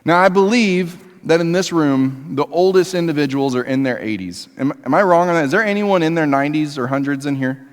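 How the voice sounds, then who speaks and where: A man preaching a sermon in a church, talking to the congregation conversationally and moving between emphatic raised passages and quiet, low ones. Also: lively intonation, a little fast. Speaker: pastor. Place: church sanctuary. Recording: long reverb of a church hall.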